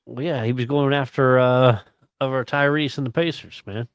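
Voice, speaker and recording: A man's voice: medium pitch, fairly even intonation, moderate pace, clear, resonant tone, dry recording. A man co-hosting a sports radio talk show, chatting casually and slangily about college football and picks. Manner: laid-back, chatty, slangy.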